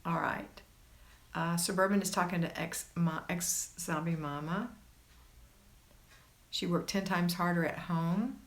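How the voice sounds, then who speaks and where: A woman's voice: fairly low pitch, measured pace, pauses often. A woman hosting a casual livestream, reading viewer comments aloud and reassuring her viewers in a chatty way. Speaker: homemaking livestream host.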